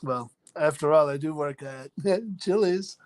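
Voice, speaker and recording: A man with a fairly high voice hosts a casual live chat at a measured pace. He reads viewers' names aloud, pokes fun at himself, and laughs often between lines.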